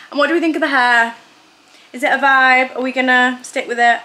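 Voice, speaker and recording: A woman's voice: high voice, animated, fast talker, bright, forceful tone, echoey room. A young woman chatting casually and giggling as she tries on outfits and does her makeup for a get-ready-with-me vlog, filmed on a camera set down nearby in a room at home. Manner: chatty, giggly, self-deprecating. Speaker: vlogger.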